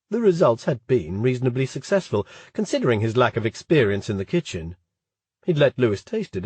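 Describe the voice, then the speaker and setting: A man narrating an audiobook in a steady, even reading on a close mic. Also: medium pitch, slightly rough, no echo. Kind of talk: scripted narration.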